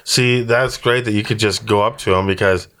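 A man's voice: fairly low pitch, steady tone, normal speed, sharp tone. A man hosting a casual interview, mostly giving short replies and asking the guests to plug their shows. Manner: brief encouraging interjections. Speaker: podcast host.

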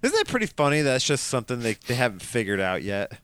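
A man's voice: mid-range voice, huge pitch swings, fast, a bit bright, no room sound. Blunt joking guy, voice jumps around a lot, dry sound. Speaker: podcast co-host. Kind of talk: casual chat.

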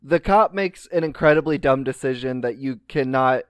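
A man's voice: medium pitch, moderate pace, clear, resonant tone, no room sound. A man co-hosting a casual film podcast, blunt and joking, swearing casually. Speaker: podcast co-host.

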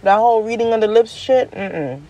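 At a normal speed, a woman hosting her own podcast chats through a lively, casual monologue packed with slang. She laughs throughout and her pitch jumps up whenever she wants emphasis.

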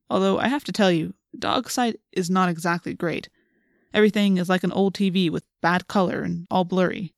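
Low-voiced woman narrating an audiobook. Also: creaky, dry recording, clean studio sound. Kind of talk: scripted first-person narration.

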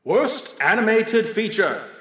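Awards announcer, a man puts him on, booming and slow, high pitched, roomy echo. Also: very animated, fairly bright tone, exaggerated voice. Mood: grandiose. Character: grand male awards-show announcer. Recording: echoey hall reverb.

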